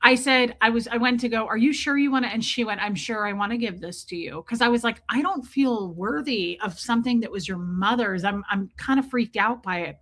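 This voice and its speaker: Bright-voiced gushing woman streamer. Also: medium pitch. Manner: gushing, chatty, greets viewers by name. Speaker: livestream host. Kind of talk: casual livestream chat.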